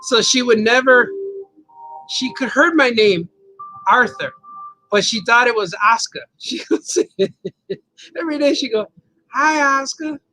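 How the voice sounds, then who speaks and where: This man, a host and cartoonist, has an extremely high, bright, forceful voice with lively intonation, a measured pace and frequent pauses. On a casual livestream chat show he reads viewer comments and tells rambling, playful stories, giggling and laughing mid-sentence and repeating words for effect. Soft music plays behind him, and the audio is poor.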